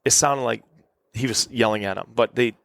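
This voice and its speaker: A man, a podcast guest, recounting a story in casual conversation, halting and restarting often and leaning on "like.". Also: medium pitch, gravelly, a bit bright, no room sound. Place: cabin.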